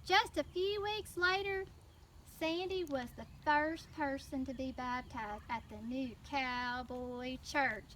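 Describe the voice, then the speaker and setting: A woman with a Southern US accent telling a children's story in church, animated and prompting the kids to answer. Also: high voice, takes it slowly. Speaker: children's mission teacher. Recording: distant mic with faint noise.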